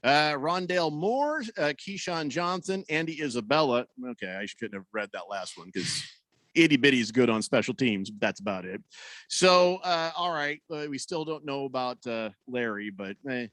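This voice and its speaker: A man's voice: medium pitch, lively intonation, moderate pace, a bit bright, dry recording. A man hosting sports talk radio, ranting and sarcastic as he riffs on team news and reads listener comments.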